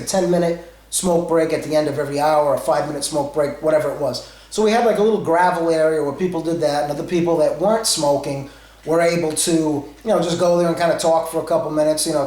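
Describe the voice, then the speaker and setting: A man's voice: fairly high pitch, a little mellow. Rambling New England man, roomy echo. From Rhode Island. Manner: rambling, many asides. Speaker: vlogger. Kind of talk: casual storytelling.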